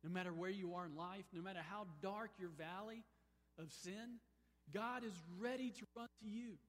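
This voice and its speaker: A man preaching a sermon as a pastor, moving between emphatic, rising exclamations and quiet, pleading passages. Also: high voice, normal speed, in a large hall. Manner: emphatic, swings from soaring exclamations to hushed pleading.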